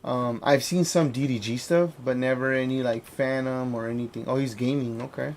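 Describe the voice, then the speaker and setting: A man's voice: medium pitch, fairly even intonation, normal speed, a little hiss or hum. A young man hosting a reaction livestream, laid-back, exclaiming and talking to himself between clips. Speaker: reaction stream host.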